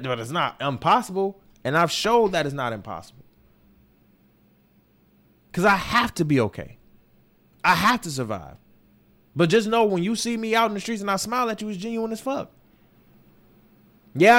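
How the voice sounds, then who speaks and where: The voice is high-pitched and a bit bright: a young New York podcast host opening up in an emotional monologue. He's candid, swears a lot, and keeps circling back on what he says.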